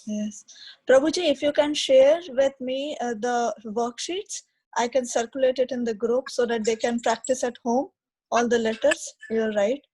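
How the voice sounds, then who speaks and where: A woman's voice: fairly high pitch, normal speed, darkish tone, slightly rough, poor audio. A woman moderating an online class, politely calling on students and keeping things organized. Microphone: video call.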